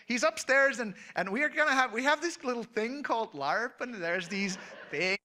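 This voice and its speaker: Bright-voiced man telling a comic story. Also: very high voice, moderate pace. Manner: animated storytelling, acting out voices, laughing. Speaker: convention panel speaker. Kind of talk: comedic anecdote to an audience. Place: auditorium.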